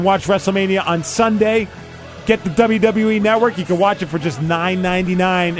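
A man hosting a podcast with jokey, upbeat banter. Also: high voice. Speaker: podcast host.

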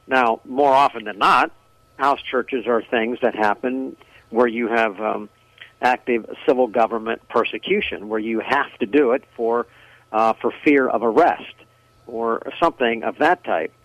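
A male pastor answering as a radio guest, thoughtful and full of ums, uhs and restarts. His pitch is ordinary, and the sound is dry and close with no room around it. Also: unhurried, a bit bright, dry recording, lo-fi sound.

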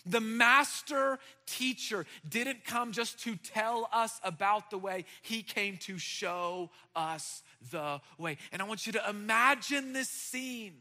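A man preaching a sermon to young adults, animated and conversational, with frequent fillers and restarts. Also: sits high, takes it slowly, hardly any pauses, big-room sound. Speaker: pastor. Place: church hall.

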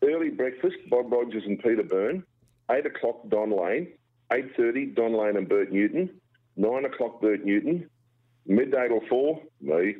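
A man's voice: medium pitch, expressive, normal speed. A middle-aged Australian man, a guest broadcaster, telling jokey, self-deprecating stories in casual radio chat. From Brisbane, Australia. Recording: tinny phone line.

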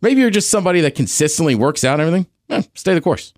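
Male co-host, relaxed encouraging chat, lively voice, dry close recording. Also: on the high side, rapid-fire, no room sound. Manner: easygoing, encouraging, says "right?" often. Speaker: podcast co-host. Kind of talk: casual chat.

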